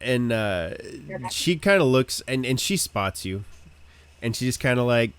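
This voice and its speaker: A man's voice: mid-range voice, animated, a little slow, a bit bright, clear, resonant tone. A man running a tabletop role-playing game as game master, narrating with many hesitations and fillers.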